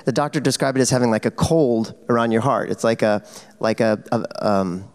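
A man's voice: mid-range voice, a little fast. A man on a fan convention panel, telling a casual story with lots of fillers, self-corrections and laughs. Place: convention panel hall, on stage.

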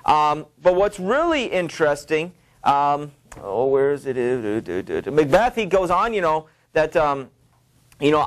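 A male teacher giving a classroom literature lecture in a halting way, full of fillers, stopping to read passages aloud. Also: a little high, lively intonation.

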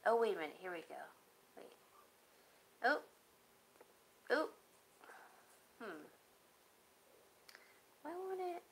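A woman talks into her phone during a casual live stream, her voice slightly high and her pace slow. She chats to viewers and mutters to herself while she handles things. The delivery is loose and conversational. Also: very animated, a little hiss or hum, low-quality recording. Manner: unhurried, chatty, self-talk while fiddling with her phone. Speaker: live-stream jewelry seller.

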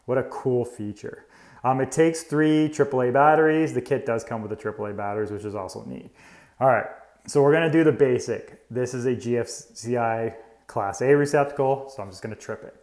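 A man's voice: medium pitch, brisk, darkish tone. A man, an electrician giving a casual, chatty tool demonstration indoors in an old house and explaining each step.

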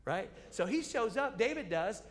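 A man's voice: high voice, big pitch swings, normal speed. A man preaching a sermon as pastor, telling Bible stories with animation, acting out the characters' lines and repeating key phrases as he questions the congregation. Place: church sanctuary. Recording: reverberant church sanctuary broadcast.

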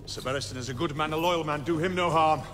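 An actor playing a grave, honorable noble lord who speaks firmly and solemnly, with a music score clearly behind him. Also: male voice, on the high side, fast talker, a bit bright, close to an everyday voice. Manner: firm, solemn.

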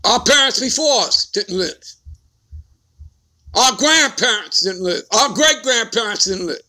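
High, bright-voiced emphatic man preaching. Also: lively intonation, a little slow. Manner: emphatic, keeps asking "all right?" and "okay?". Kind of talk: scripture teaching sermon.

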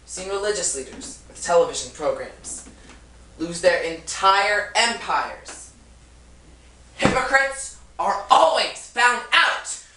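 A reproachful friend who lectures Job about God's ways, played by a woman in a stage play. Her voice is low-pitched and bright, recorded from far off in an echoey room. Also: animated, takes it slowly, full character voice. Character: Job's stern friend, older lecturing woman.

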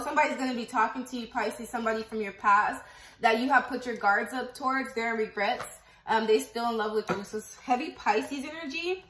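A woman's voice: a little high, fairly bright tone, roomy sound, a little hiss or hum, low-quality recording. A woman giving a casual tarot reading to camera, chatty and profane, affirming her viewers and counting numbers aloud as she goes. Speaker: tarot reader.

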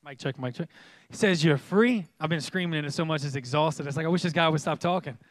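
A man preaching a sermon in church in a lively, joking way, with sudden loud exclamations. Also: on the high side, quick pace, dry recording. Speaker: pastor.

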